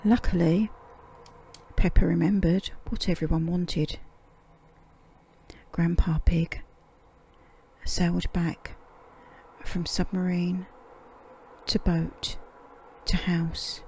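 A woman reading a children's storybook aloud in a soft, hushed half-whisper, a whispered storybook reading. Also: on the low side, little pitch movement, slow, creaky, pauses often, a little hiss or hum. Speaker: storybook reader.

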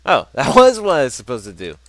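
A man's voice: medium pitch, fast talker, dry recording. A young man giving casual, joking commentary while playing a video game. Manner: animated, joking, reads game text aloud. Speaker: gameplay commentator. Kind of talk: casual let's play commentary.

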